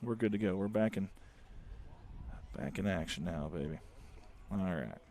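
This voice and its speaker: Male play-by-play announcer, folksy one-man commentary, excited on the calls. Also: low-pitched, normal speed. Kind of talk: live high school baseball commentary.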